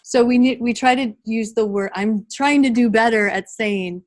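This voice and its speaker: A woman's voice: fairly high pitch, moderate pace, few pauses, poor audio. A middle-aged woman leading a live training workshop, talking conversationally and addressing the group directly.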